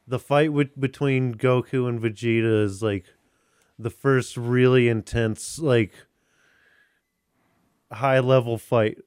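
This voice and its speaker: A man's voice: mid-range voice, steady tone, slow pace, long pauses, a little mellow, smooth, no room sound, studio quality. A man hosting a podcast, chatting casually, rambling, swearing and restarting often. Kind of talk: casual chat.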